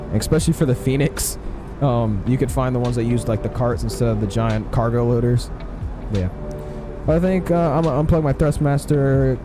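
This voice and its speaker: A man live-streaming a flight simulator, chatting casually, answering his chat with lots of fillers. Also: mid-range voice.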